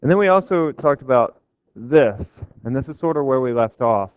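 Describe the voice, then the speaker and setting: A man's voice: mid-range voice, lively intonation, moderate pace, clean tone, no room sound. A man giving a physics lecture to a class, casual and joking with his students. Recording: dull, dry lecture recording.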